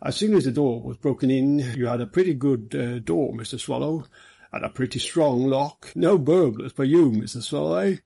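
A man's voice: medium pitch, vocal fry, warm tone, slightly rough. A man voicing a hearty, jovial police superintendent in an audiobook reading. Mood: genial. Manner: brisk, easy, jovial.

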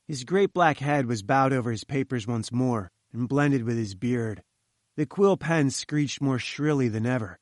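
A man narrating an old-fashioned story in a measured, formal manner. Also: medium pitch, no echo, studio quality. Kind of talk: audiobook narration.

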